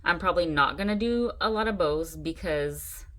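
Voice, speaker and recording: A woman walks viewers through a craft project in a casual, chatty way. Her voice sits a little low, and she keeps breaking into excited gushing over how cute things look. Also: moderate pace. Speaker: craft channel host.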